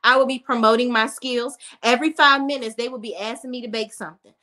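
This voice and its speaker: Woman reviewer, blunt and profane, casual rant; highish, bright voice. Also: fast talker. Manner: blunt, profane, talks straight at the viewer. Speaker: reality TV reviewer.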